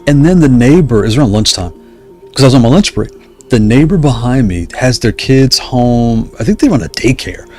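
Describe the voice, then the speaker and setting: A man's voice: medium pitch, darkish tone. A man hosting a livestream, chatting casually and enthusiastically, often drifting off on digressions. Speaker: livestream host.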